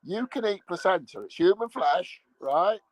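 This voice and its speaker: A man's voice: sits high, animated, moderate pace, dry recording, rough recording. A man ranting casually in a rambling, sweary, mocking way. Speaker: vlogger. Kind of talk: casual profane rant.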